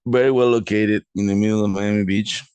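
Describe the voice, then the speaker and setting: A man walking through a property investment deal in a halting way, correcting himself often. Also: fairly low pitch, steady tone, a little mellow, clear, resonant tone, no echo. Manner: halting, many restarts and self-corrections. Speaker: real estate investor presenting a deal.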